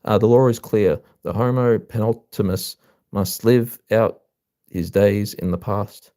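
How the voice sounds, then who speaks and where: A man reading aloud as a stern male officer from a far-future race of humans, in a formal, measured way. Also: lowish voice, warm tone, natural voice.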